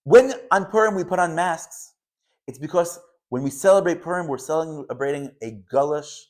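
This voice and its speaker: A man teaching a Torah lesson to camera, talking with passion and swinging between loud emphasis and quiet asides, with Hebrew and Yiddish words mixed into his English. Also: a little high, animated, moderate pace.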